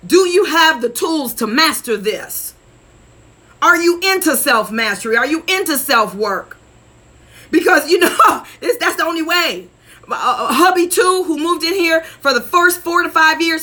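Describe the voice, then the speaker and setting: Woman coach talkin to her viewers, high bright voice, preachy n animated, laughs a lot. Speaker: relationship coach. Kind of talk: casual direct-to-camera talk.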